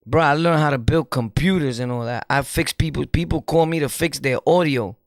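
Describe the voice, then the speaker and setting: A man with a New York accent, a streamer giving an animated, preachy commentary in street slang and laughing often. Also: on the high side, a little fast, no echo, clean studio sound. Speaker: streamer and YouTuber. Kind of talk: casual commentary monologue.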